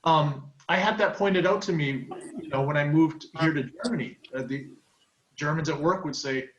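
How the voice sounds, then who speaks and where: A man's voice: on the high side, dull audio. A man in his forties from Canada, a talk show guest chatting casually and telling stories. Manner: chatty storyteller, does quick voices. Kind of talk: casual chat. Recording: roomy echoey sound.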